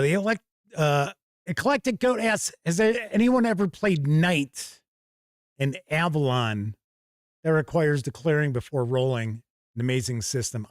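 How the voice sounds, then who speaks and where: This man's voice is on the high side as he hosts a casual livestream chat, reading out viewer comments and reacting off the cuff. Clean studio sound, no room sound.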